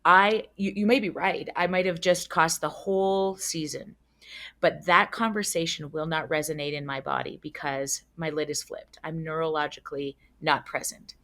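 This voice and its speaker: A woman who works as a child psychologist, speaking as a podcast guest and telling stories with frank, expressive energy, swearing freely and acting out scenes. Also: low voice, normal speed. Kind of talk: animated podcast storytelling.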